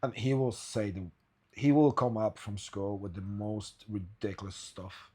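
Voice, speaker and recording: A man's voice: fairly low pitch, unhurried, a little mellow, husky. A man hosting a podcast, telling swearing, laughing anecdotes in casual chat. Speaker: podcast host.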